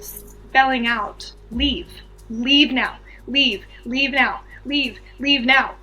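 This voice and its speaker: Slow, bright-voiced woman telling a story. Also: a little high. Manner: emotional, earnest, repeats phrases for emphasis. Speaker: podcast guest. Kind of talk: personal storytelling.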